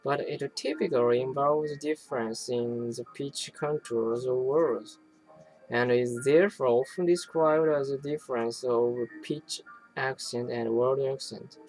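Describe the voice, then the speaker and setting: A person reading an academic text aloud, halting often to restart and correct words. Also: medium pitch, a little mellow, soft background music, rough recording. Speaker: reader.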